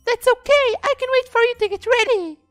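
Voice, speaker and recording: A man in falsetto as a doting kraken girl. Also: a little fast, a bit bright, no echo, faint music behind. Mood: eager. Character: clingy, sweet female kraken monster girl. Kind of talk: reading game dialogue aloud.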